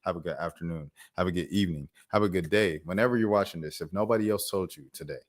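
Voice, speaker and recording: A man hosting a casual live commentary stream, talking in an animated, mocking way. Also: sits low, fast talker. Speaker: commentary channel host.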